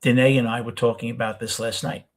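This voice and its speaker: A husky-voiced older host with a New York accent tells a long, loose personal story, pausing often to fix what he just said. His pitch is ordinary, his delivery flat, and he talks fast.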